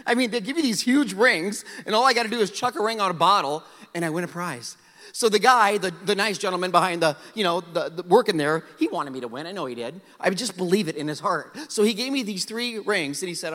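A middle-aged man from South Dakota preaching a storytelling sermon, animated and self-mocking, acting out his own past lines. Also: on the high side, fast. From South Dakota, USA. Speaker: pastor. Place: large church auditorium. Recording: hall reverb.

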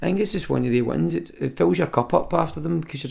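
A Scottish podcast host with a slightly high voice, vocal fry, and a fast delivery. He's an animated storyteller who swears freely while sharing travel stories in casual chat.

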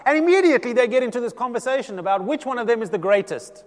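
A male pastor preaching a sermon, telling the story with lively acted-out dialogue. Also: high-pitched, fast, hardly any pauses, long reverb tail. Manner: animated storytelling, acting out quoted voices.

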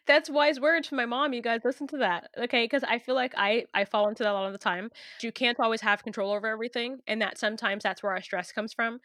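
A young woman hosting a casual podcast interview with her mother, chatty and quick to laugh, speaking straight to her listeners. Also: on the high side, steady tone, fairly bright tone, dry recording, clean studio sound. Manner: chatty, laughs easily, talks to listeners directly. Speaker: podcast host.

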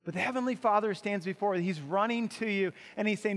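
A man's voice: high-pitched, fast, hardly any pauses, a bit bright, long reverb tail. A male pastor preaching an impassioned sermon, asking rhetorical questions and repeating words as he builds.

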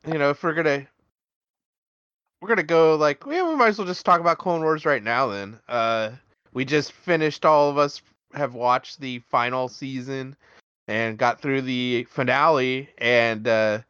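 A smooth-voiced man joking on a dull-sounding call. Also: medium pitch, a little slow, a bit bright, no echo. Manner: rambling, jokey, with restarts. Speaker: podcast co-host. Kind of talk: casual chat.

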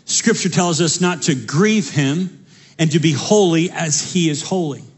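A young adult man preaching a sermon as pastor, animated, repeating his phrases and stumbling over restarts. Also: on the high side, unhurried, slightly rough.

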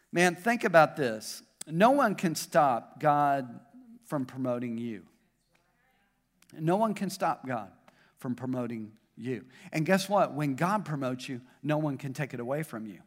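Southern male pastor, high-ish voice, preaching in a hall with long reverb. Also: expressive, a little slow, a bit bright. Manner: preaching with rising and falling intensity, joking with the congregation. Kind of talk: sermon. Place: church auditorium.

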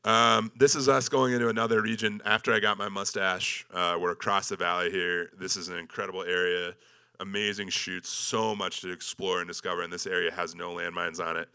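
A man with a deep voice and a bright, forceful edge tells an expedition story over slides. His delivery is loose and humorous, and he pokes fun at himself. Frequent ums and likes fill his speech. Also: little pitch movement, a little fast, clean tone. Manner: joking, self-deprecating, with many ums and likes. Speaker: speaker presenting an expedition slideshow. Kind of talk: casual storytelling talk with slides.

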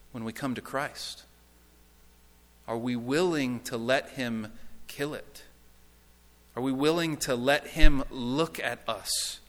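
A man's voice: mid-range voice, fairly bright tone. A man preaching a sermon with earnest, emphatic questions to his congregation. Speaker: pastor. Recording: reverberant hall.

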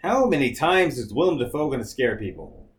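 A man's voice: mid-range voice, sing-song, a little fast, slight background noise. A man co-hosting a casual movie commentary who makes dry, wry remarks. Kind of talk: casual chat over a film.

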